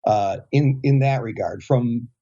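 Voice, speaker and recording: A podcast co-host with a mid-range, dark voice talks a little slowly in a casual podcast chat. He rambles and hesitates, restarting often, and the sound is dull and lo-fi.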